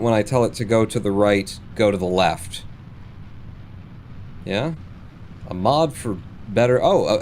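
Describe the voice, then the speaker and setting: Swearing and muttering with sarcastic annoyance, a man comments live on the space game he's streaming. His lowish voice is a little mellow, and a bit of hiss or hum sits under it.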